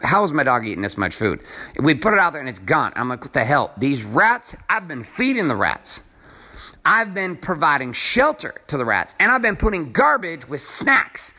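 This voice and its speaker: A man's voice: mid-range voice, sharp tone, no echo. A man hosting a motivational podcast, talking bluntly and emphatically with plenty of swearing. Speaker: podcast host. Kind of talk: motivational monologue.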